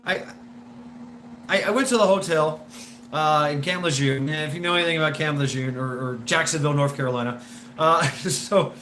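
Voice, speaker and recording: A man's voice: a little high, bright, forceful tone, a little hiss or hum. A young man telling a personal story in a casual, rambling way, full of restarts, profanity and laughter. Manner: halting, repeats words, profane, laughs often. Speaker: storyteller recounting a personal anecdote.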